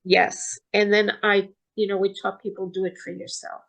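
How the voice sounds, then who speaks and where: Woman guest telling a story, gravelly voice, soft and halting, lots of restarts. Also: medium pitch, little pitch movement, poor audio. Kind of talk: casual storytelling interview.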